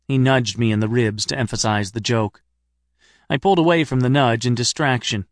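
Male audiobook narrator, middle-aged, wry deadpan delivery, dry close recording. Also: medium pitch, normal speed, dry recording.

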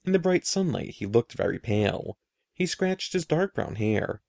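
A man reading a children's story aloud in an expressive, animated way. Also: medium pitch, moderate pace, vocal fry, no echo, clean studio sound. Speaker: narrator.

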